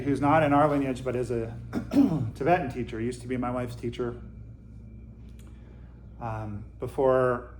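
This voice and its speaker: A man in a meditation hall gives a relaxed Dharma talk, his mid-range voice carrying a roomy echo. He speaks conversationally to his listeners and slips in dry, self-deprecating humor. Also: mid-range voice, a little hiss or hum. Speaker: Zen teacher giving a Dharma talk.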